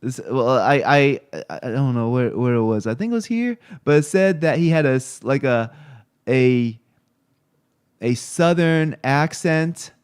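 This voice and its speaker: A man's voice: medium pitch, lively intonation, unhurried, darkish tone, clear, resonant tone. A man streaming live, chatting casually and rambling with many fillers and restarts while he looks things up on screen.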